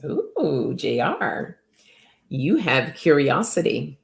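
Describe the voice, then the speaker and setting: A woman's voice: sits low, huge pitch swings, extremely slow, gravelly. A woman giving casual oracle card readings to viewers by name, chatty and upbeat, laughing often.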